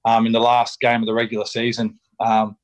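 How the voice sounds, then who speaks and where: A man's voice: mid-range voice, completely flat delivery, brisk, poor audio. A young Australian man, a rugby league player, talking candidly as a podcast guest, casual and blunt, with lots of ums, restarts and swearing. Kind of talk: candid interview chat.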